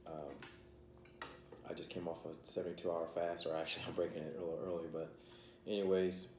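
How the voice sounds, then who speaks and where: A man hosts a casual vlog channel, rambling with plenty of fillers while he eats his meal. His low voice has little pitch movement and a brisk pace, recorded in an echoey room with faint background noise.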